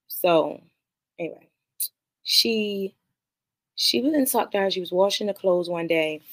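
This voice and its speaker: A woman's voice: medium pitch, measured pace, no room sound. A woman hosting a podcast, casually recapping a movie plot in a rambling, profane way and talking straight to her viewers. She mentions being nervous about streaming live. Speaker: podcast host reviewing a movie.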